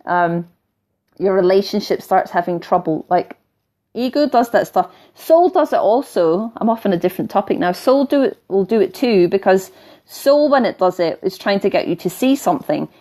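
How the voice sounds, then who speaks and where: A middle-aged woman with a softened Scottish accent, talking casually on a live stream as a spiritual teacher, wandering off topic and laughing now and then as she coaches viewers. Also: mid-range voice, lively intonation, normal speed. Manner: chatty and digressive, laughing often, coaching tone. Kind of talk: live-stream talk, reading viewer comments.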